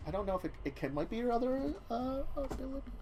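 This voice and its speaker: A man running a tabletop role-playing game as game master, joking and quick to laugh. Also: very high-pitched, crowd noise. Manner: jokey and animated, quick to laugh.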